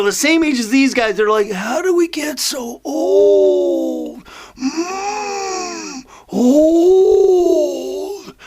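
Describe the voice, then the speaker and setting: A man's voice: high voice, a bit bright. A man in his fifties talking in a rambling monologue, meandering through thoughts with frequent restarts and fillers. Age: 50s. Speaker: motivational vlogger.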